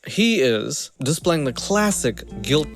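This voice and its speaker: A man streaming a reaction video, commenting in a mocking, animated, casual way. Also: a little high, slow pace, faint music behind.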